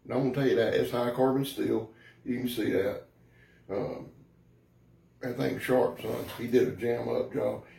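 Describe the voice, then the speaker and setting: A man's voice: medium pitch, fairly even intonation, moderate pace, gravelly, pauses often, dark tone, slight background noise. A man giving a rambling, folksy, brash product review, talking straight to his viewers. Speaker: knife reviewer.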